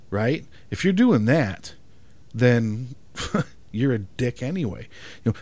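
A man in a profanity-laced rant, speaking to camera, exasperated and emphatic. His voice sits at a middle pitch but swings up and down a lot. He keeps checking in with "right?". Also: lively intonation, moderate pace, darkish tone, no echo. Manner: exasperated, emphatic, swears constantly; keeps asking "right?" for agreement. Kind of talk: profane ranting monologue.

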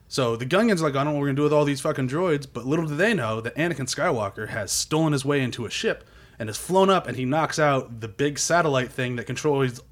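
Fast-talking man in casual chat. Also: mid-range voice. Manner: animated retelling, acts out quotes in goofy voices, swears.

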